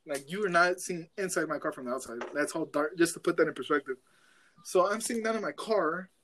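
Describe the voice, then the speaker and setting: A young man telling a story in casual chat, animated and profane, acting out the voices of the people in it. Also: fairly high pitch, a little fast, slight background noise.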